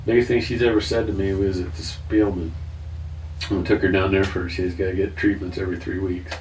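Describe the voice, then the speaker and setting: Man, 50s, very deep voice, earnest, rambling storyteller, echoey room. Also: level tone, brisk, darkish tone. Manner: earnest, rambling, restarts sentences. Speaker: guest. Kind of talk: emotional personal story. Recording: roomy, distant mic with faint noise.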